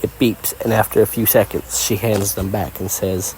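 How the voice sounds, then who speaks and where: Man, low-ish voice, plain steady first-person story narration. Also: normal speed, few pauses, slight background noise.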